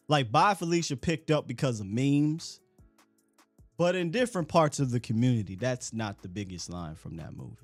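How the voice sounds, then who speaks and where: A man's voice: medium pitch, lively intonation, moderate pace, dry recording, faint music behind. A man hosting a call-in sports talk show, chatting casually in slangy, joking talk.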